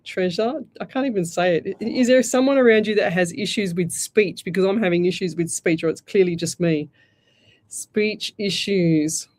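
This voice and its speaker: Hosting live radio, an Australian psychic medium rambles warmly through readings, tossing in endearments like "lovey." She speaks a little fast in a fairly low voice, with hardly a pause.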